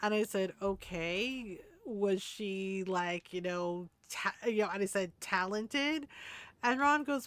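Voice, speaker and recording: A woman's voice: medium pitch, normal speed, a bit bright. A middle-aged woman streaming a game, rambling through a casual story with lots of fillers and laughs. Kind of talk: casual chat while gaming.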